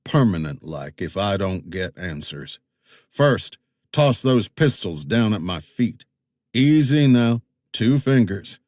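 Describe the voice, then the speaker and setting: A man's voice: fairly low pitch, big pitch swings, slow pace, a little mellow, no echo, studio quality. A man putting on a drawling backwoods gunman. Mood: menacing. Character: menacing backwoods male boatman with a shotgun.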